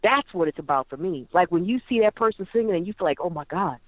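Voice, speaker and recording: A woman's voice: lowish voice, animated, quick pace, dry recording, phone-quality sound. A woman guitarist and singer talking as a podcast interview guest, effusive and full of exclamations.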